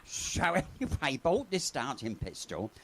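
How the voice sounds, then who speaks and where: Bawdy drag comedian, very lively pitch. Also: male voice, normal speed, slight background noise. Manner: bawdy, chatty, teases the audience. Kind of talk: live stand-up comedy. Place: pub stage with a live audience.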